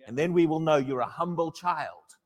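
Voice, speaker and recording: A man preaching a sermon to a congregation, animated and questioning his listeners, often acting out little dialogues. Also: a little high, moderate pace, in a large hall.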